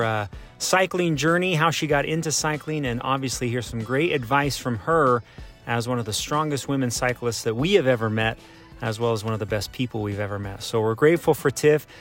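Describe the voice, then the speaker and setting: A man's voice: mid-range voice, fairly quick, fairly bright tone, faint music behind. A man hosting a casual podcast, upbeat and rambling with fillers. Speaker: podcast host.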